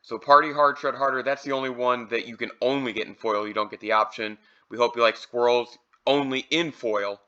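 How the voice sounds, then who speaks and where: Bright-voiced man, easygoing card review, slightly dull lo-fi recording. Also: mid-range voice, fairly quick, hardly any pauses. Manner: relaxed, thinking aloud with fillers. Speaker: card collector reviewing products. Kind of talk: casual product review.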